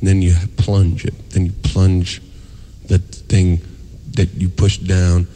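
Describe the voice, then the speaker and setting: Giddy, jittery man with a dark voice. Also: deep voice, completely flat delivery, takes it slowly. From South Africa. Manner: giddy, silly, jittery, rambling with restarts. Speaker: musician guest. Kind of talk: casual radio interview. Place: radio studio.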